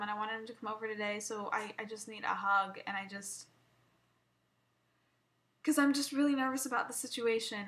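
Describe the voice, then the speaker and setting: A woman's voice: medium pitch, bright, forceful tone. A young woman vlogging an emotional personal rant, rambling and swearing, often stumbling and restarting.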